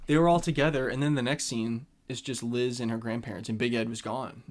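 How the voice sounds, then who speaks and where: A man's voice: medium pitch, fairly even intonation. Playful man in easy podcast banter. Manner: playful, chatty, quick to laugh and tease. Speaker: podcast co-host. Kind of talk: casual recap chat.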